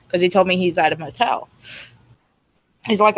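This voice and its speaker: A woman's voice: on the low side, fairly even intonation, a little slow, long pauses, slight background noise, poor audio. A woman telling a crude personal story in casual chat, blunt and laughing as she acts out what others said. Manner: blunt, crude and laughing, acting out quoted speech. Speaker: storyteller guest.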